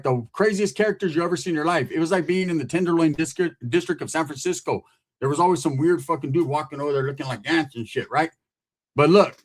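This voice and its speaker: A man from California tells a long, rambling story full of swearing and street slang. His voice sits a little high and has a husky edge. He jumps in and out of the other characters' voices as he goes. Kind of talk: casual storytelling monologue.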